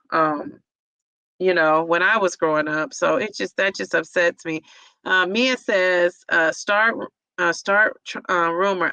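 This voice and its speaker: A woman's voice: medium pitch, pushed and bright, dry recording, poor audio. A woman hosting a livestream, reading viewer comments aloud and reacting with empathy and lots of fillers. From United States. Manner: emotional, empathetic, many fillers. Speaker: host reading viewer chat. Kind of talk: casual livestream chat.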